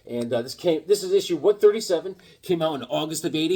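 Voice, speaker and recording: Brief: male comic vlogger, lively up-and-down delivery, goofy punchlines, loose casual chat. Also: a little high, brisk. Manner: animated, cracks corny jokes, sudden yelps. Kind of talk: casual show-and-tell chat.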